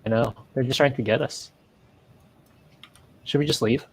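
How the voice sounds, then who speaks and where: Male player, relaxed and wry, casual table talk. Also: medium pitch, normal speed, creaky, slight background noise. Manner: easygoing, joking.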